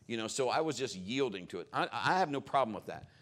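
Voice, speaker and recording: A male pastor preaching at a church service, with a medium-pitched voice. He tells animated stories, laughs and exclaims, and his pitch swings wide through every line. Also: fast. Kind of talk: sermon.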